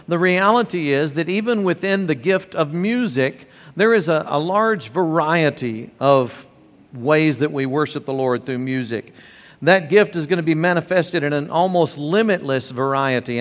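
A man preaching a sermon to his congregation, reading scripture aloud in a measured way. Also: a little high, long reverb tail. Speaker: pastor.

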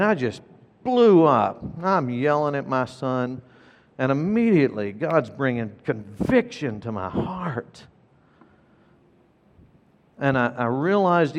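A middle-aged man, a pastor preaching a sermon in an earnest, emphatic way, repeating his key points. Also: medium pitch. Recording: long reverb of a large hall.

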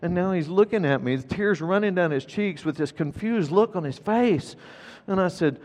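Earnest pastor preaching in an echoing hall. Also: male voice, sits high, lively intonation, moderate pace, darkish tone. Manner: earnest, emphatic, repeats key points. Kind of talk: sermon. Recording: long reverb of a large hall.

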